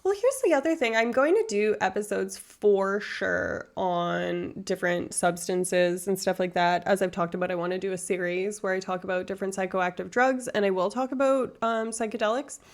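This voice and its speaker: Casual woman streamer, gravelly voice, mid pitch, chatty and loose. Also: normal speed, hardly any pauses. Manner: chatty and swears freely, with frequent ums. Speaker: streamer discussing neuroscience. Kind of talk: casual live-stream chat.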